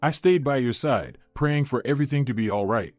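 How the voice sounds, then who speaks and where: Gentle older mom soothing softly read by a man, dry close, faint music. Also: mid-range voice, brisk, dry recording, close to an everyday voice. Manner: soft, soothing.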